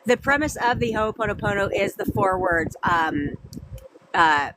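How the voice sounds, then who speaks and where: A woman's voice: medium pitch, animated, measured pace, background noise. A woman coaching viewers on a live stream, chatting casually, answering them by name and repeating her points.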